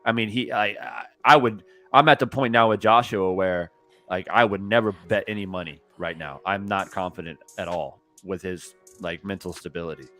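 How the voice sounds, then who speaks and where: A man's voice: deep voice, moderate pace, soft background music. A man co-hosting a casual boxing chat, swearing freely and slipping into mocking impressions. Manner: profane, animated, does mocking impressions. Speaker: boxing podcast co-host. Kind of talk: casual fight-talk chat.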